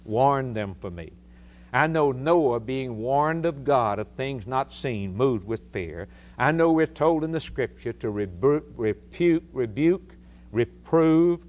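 A man preaching a sermon, emphatic and stressing points by repeating phrases. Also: mid-range voice.

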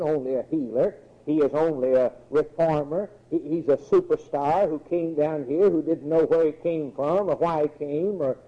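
A man preaching a sermon, emphatic and repetitive, recorded in dull lo-fi sound. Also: on the high side.

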